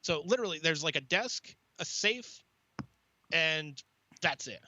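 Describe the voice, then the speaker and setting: A man's voice: a little high, a little slow, dry recording, muffled recording. A man on a podcast telling a casual, profane story, acting out the voices of the people in it. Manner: animated, swearing, acts out quoted voices. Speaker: podcast co-host.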